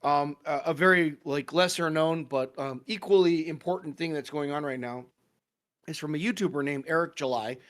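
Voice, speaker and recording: A man's voice: on the high side, moderate pace, a bit bright. A young American man co-hosting a casual talk show, ranting with frequent fillers and swearing. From United States. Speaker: podcast co-host. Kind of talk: casual chat.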